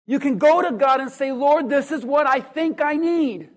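A pastor delivers a sermon in a high, bright-toned voice. The preaching rises to emphatic, near-shouted peaks and drops to hushed asides, driven by rhetorical questions and call-and-response. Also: moderate pace. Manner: dynamic preaching, swings from loud emphatic to quiet.

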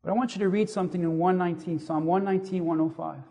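A man preaching a sermon to a congregation, animated and asking the audience questions. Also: high-pitched, fast, vocal fry. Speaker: pastor. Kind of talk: sermon with audience call-and-response. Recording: echoey hall reverb.

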